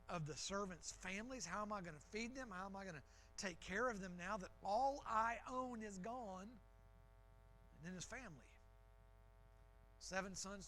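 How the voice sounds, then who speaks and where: A man's voice: sits high, fairly bright tone, a little hiss or hum, rough recording. A man preaching a sermon in a church, talking in a conversational, emphatic way with frequent restarts. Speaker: pastor.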